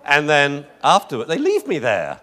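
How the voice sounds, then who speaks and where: Teaching about dog behavior, this man tells meandering stories, jokes with his audience and laughs a lot. His voice is fairly high and fairly bright, swinging hugely in pitch while keeping a normal speed.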